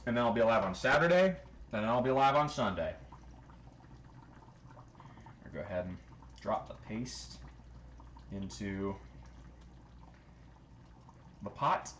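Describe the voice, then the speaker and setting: A man with a fairly low voice talks his way through cooking on a livestream, relaxed and full of fillers. His kitchen sounds echoey, with loud noise behind him. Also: slow, long pauses. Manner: relaxed running commentary while cooking, with fillers. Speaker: livestream host. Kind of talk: casual cooking livestream chat. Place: home kitchen.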